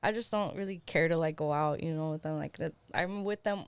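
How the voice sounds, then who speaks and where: In a podcast studio, a young female co-host with a deep, clear, resonant voice speaks briskly. Laughing and loose, she recounts a story full of swearing and frequent uses of "like."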